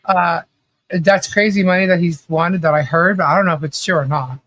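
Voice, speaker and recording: A man with a notably high voice runs a casual livestream commentary. He rants bluntly and swears freely. Between points he reads out viewer chat comments, keeping an offhand, conversational tone. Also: normal speed, sharp tone.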